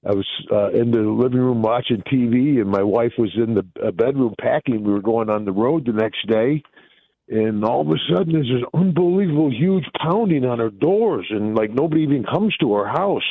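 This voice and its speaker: A man, telling a story as a guest in a phone interview, excitable and booming. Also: normal speed, dry recording. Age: 60s. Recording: tinny phone line.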